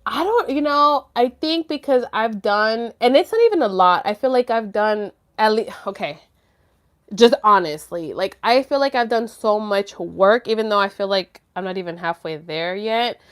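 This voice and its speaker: Answering her chat on a live stream, a young female host speaks openly and casually, using slang, plenty of fillers, and an odd curse, with nervous laughter when caught off guard. She has an expressive mid-range voice at a moderate pace.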